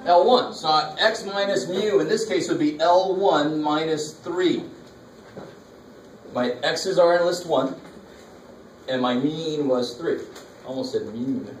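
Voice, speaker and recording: A man teaching a college math lecture, casually walking students through calculator steps with slangy asides. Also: a little high. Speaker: math instructor. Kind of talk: classroom lecture. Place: college classroom. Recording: echoey classroom, mic far off, faint noise.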